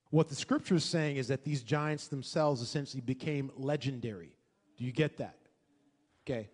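A man's voice: mid-range voice, normal speed, a little mellow, husky, big-room sound. A male pastor preaching a sermon to a congregation, emphatic and fond of rhetorical questions and repetition.

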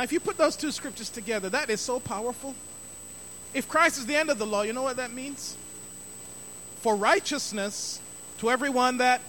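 A man's voice: very high voice, bright, forceful tone, a little hiss or hum. A middle-aged man preaching a sermon as pastor, emphatic and repeating key phrases for stress.

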